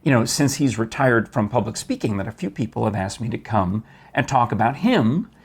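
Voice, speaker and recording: A man's voice: medium pitch, lively intonation, a little fast, breathy edge. A man hosting a casual talk show, telling stories in a chatty, enthusiastic way with many restarts. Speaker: host. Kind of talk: casual chat.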